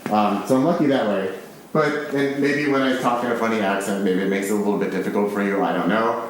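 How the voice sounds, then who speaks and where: An excitable, animated American man gives a live public lecture to an audience in a large concert hall, recorded with heavy echo and slight background noise. His voice is on the low side and quick-paced, and he's casually profane.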